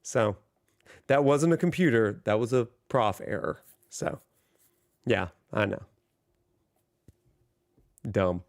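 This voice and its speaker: A young man casually commentating over a music video on a livestream, excitable and full of asides and fillers. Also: lowish voice, takes it slowly, long pauses. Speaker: streamer reacting to a music video.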